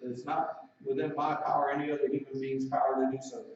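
A man delivers a sermon in a raised-pitch voice, stretching out scripture passages for emphasis. The sound is heavily echoey and picked up from a distance. The recording is dull and lo-fi. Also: fairly even intonation, darkish tone. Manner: preaching with emphatic, drawn-out scripture reading. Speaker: preacher. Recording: roomy echo, distant mic, dull lo-fi sound.

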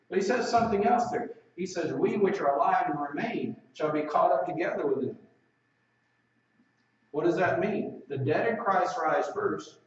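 A man preaching a sermon, reading scripture slowly and with emphasis between plain explanations. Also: on the high side. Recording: roomy echo, distant mic, dull lo-fi sound.

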